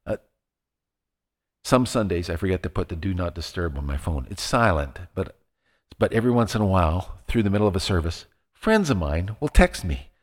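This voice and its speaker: A man's voice: deep voice, sing-song, moderate pace, big-room sound. A man preaching a sermon as a pastor, telling a personal story in a conversational way with frequent restarts. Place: church sanctuary.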